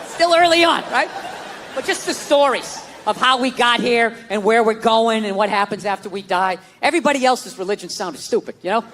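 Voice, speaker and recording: A man's voice: very high voice, a little fast, a little hiss or hum. Male stand-up comic, ranting and profane, live in a reverberant hall before an audience. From United States. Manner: profane, animated, shifting into mocking voices. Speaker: stand-up comedian. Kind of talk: stand-up comedy set. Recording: live stage recording in a reverberant hall with crowd.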